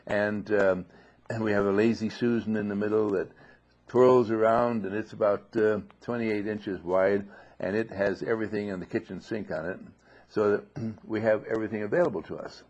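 A man with a somewhat low, husky voice gives an unhurried spoken teaching from a monastery dining room, posing rhetorical questions and telling homely stories. He clears his throat often. The recording is dull and lo-fi. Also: steady tone, a little mellow. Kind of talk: informal spoken teaching talk.

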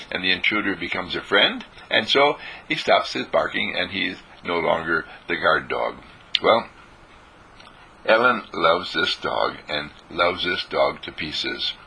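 Low-pitched, bright and forceful, this man leads a relaxed spiritual talk full of stories and emphatic repetition, with the odd throat-clear.

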